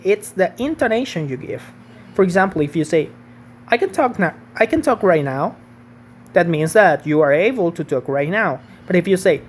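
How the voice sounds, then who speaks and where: Woman teacher, patient online grammar lesson, mid-pitched voice, faint noise behind. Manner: patient, checks in with "okay?" and "right?".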